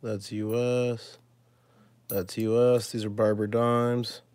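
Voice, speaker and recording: A man hosting a casual coin-collecting video, chatting to his viewers and thinking aloud as he sorts, with excited little exclamations. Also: lowish voice, takes it slowly, smooth, no room sound. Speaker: coin collecting channel host. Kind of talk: casual live coin sorting chat.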